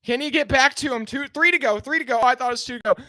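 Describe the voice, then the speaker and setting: A man live-streaming a car race, giving excited, anxious fan play-by-play and pleading with the drivers, sounding out of breath. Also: extremely high pitch, very fast, no echo, studio quality.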